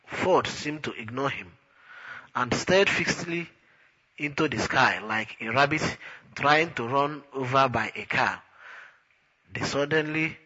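Slow, husky male narrator. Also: mid-range voice, pushed and bright, highs cut off. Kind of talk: audiobook narration.

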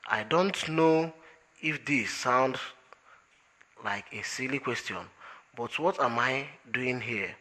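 A man's voice: medium pitch, slow pace, pauses often, sharp tone, in a large hall. A man reading an audiobook, voicing a flustered, bewildered ordinary man who sounds baffled and indignant.

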